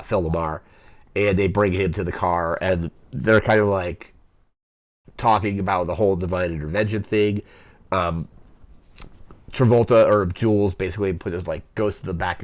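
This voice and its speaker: A young man hosts a podcast and recaps a film in a loose, rambling way, leaning on fillers as he talks. His voice sits very low. The sound is dry and close, with no room around it. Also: dry recording. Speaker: podcast host. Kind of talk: casual movie recap.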